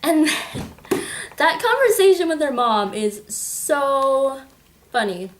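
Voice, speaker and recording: A woman chatting casually in a book review vlog, gushing and animated as she recaps the story. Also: high voice, takes it slowly. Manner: animated, gushing, with acted-out quotes.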